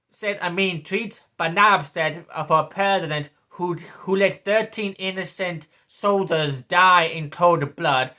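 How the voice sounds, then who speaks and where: A man's voice: high-pitched, sharp tone. A man in his twenties delivering a sneering, repetitive political rant as a vlogger. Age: 20s. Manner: sneering, ranting, repeats himself.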